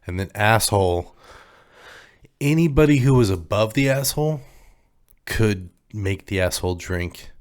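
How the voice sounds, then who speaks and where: A man with a low, deep voice chats casually as a podcast co-host. He rambles through old memories, laughs easily and lets his voice drop away at the ends of thoughts. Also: expressive, a little slow, pauses often. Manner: rambling, laughs often, trails off quietly. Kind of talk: casual chat.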